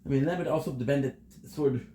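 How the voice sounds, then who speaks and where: A man's voice: medium pitch, quick pace, mellow, roomy sound, slight background noise. A man giving casual commentary while playing a game, muttering and reading game text aloud. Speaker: gaming streamer.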